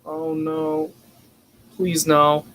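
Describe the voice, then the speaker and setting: A man co-hosting a live wrestling watch-along, reacting emotionally and excitedly as events unfold on screen. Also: on the high side, drawn-out words. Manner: excitable, reacts loudly and swears; anxious, emotional live commentary.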